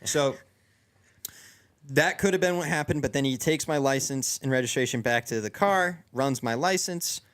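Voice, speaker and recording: A man's voice: medium pitch, moderate pace, a bit bright. A young man casually telling a long story among friends, rambling with lots of restarts and fillers. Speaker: podcast co-host.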